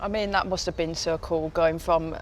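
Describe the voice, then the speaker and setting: A woman's voice: sits low, steady tone, moderate pace. A woman with a Yorkshire accent interviewing a guest, friendly and self-deprecating, laughing often. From Yorkshire, England. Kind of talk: casual interview chat. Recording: faint background noise.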